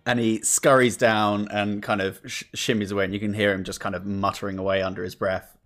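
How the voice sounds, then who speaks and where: Low-voiced man narrating a tabletop game. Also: a little fast, soft background music. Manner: relaxed, rambling narration with many fillers. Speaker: game master.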